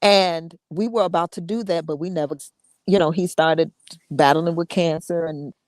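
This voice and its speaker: A woman hosting a show, sharing a personal story in a casual, halting way with many repeats and laughs. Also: fairly low pitch, fairly even intonation, no room sound. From United States. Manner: conversational, repeats words, laughs often. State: emotional, fighting tears. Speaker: podcast host.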